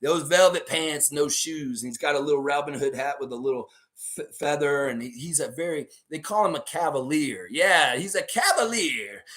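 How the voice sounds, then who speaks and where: A young man hosting a live stream in a loose, rambling way. His voice is hoarse, sitting somewhat high. He jumps animatedly between stories and chat with viewers. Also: lively intonation, moderate pace, fairly bright tone.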